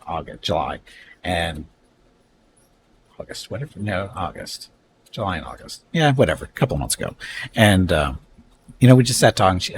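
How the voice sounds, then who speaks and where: A man's voice: low voice, slight background noise. A man chatting casually on his live stream, telling a rambling, conversational story.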